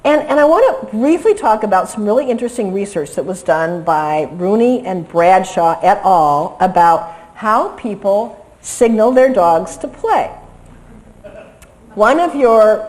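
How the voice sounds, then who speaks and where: A woman lecturing on dog behavior over video clips, lively and acting out what the dogs seem to think. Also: medium pitch, measured pace, low-quality recording. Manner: lively, acts out dogs' thoughts in quotes.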